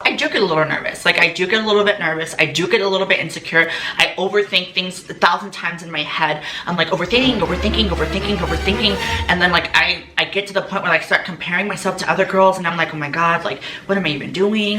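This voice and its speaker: A woman's voice: lowish voice, bright, forceful tone. A young woman telling a casual storytime monologue as a vlogger, chatty and full of fillers, acting out the quoted lines. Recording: echoey room, faint background noise.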